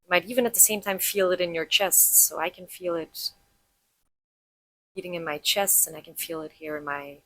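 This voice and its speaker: Lady leading a breathing exercise, lowish voice, calm and explaining, dry close sound. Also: moderate pace, no echo, rough recording. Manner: calm, explanatory, guiding listeners step by step. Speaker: breathwork instructor. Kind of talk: guided breathing practice.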